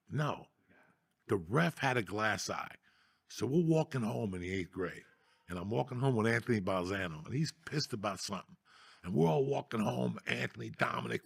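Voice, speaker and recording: Male host, heavy gravel, husky edge, profane storyteller. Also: fairly low pitch, a bit bright. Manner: profane, laughing through his own stories. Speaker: podcast host. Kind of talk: casual storytelling.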